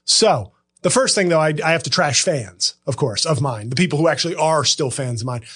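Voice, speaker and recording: Guy doing sardonic comedy podcast rants, a bit high voiced. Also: expressive, brisk, fairly bright tone, husky. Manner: sarcastic, rambling, bursts into impressions.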